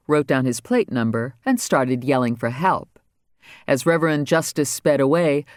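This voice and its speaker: A man reading a crime novel aloud as audiobook narrator, wry and steady. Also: mid-range voice, no room sound, clean studio sound. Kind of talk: scripted narration.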